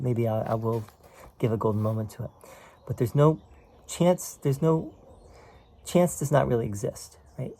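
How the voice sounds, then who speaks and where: A man's voice: medium pitch, a little mellow, slightly rough. A man teaching a spiritual text in a casual, conversational way, explaining passages and often checking in with "right?". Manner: explains quoted text line by line.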